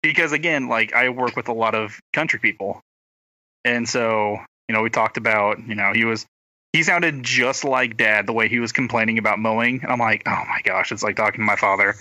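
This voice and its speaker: A man's voice: mid-range voice, normal speed, bright, forceful tone, dry recording, low-quality recording. A man with a rural Oklahoma accent telling stories in a casual chat, often stumbling and restarting. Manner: rambling storyteller, stumbles and restarts.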